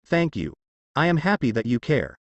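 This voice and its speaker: A man voicing a calm, nonchalant young male warrior hero. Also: fairly high pitch, moderate pace, dry recording, dull audio.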